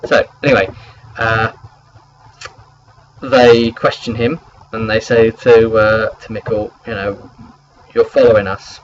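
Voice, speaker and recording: Guy gm going over the last game session, kinda rambly with lots of uhs, low voice. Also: level tone, slow, muffled recording, a little hiss or hum. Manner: rambling, hesitant, many fillers. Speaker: game master. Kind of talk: recapping a tabletop game session.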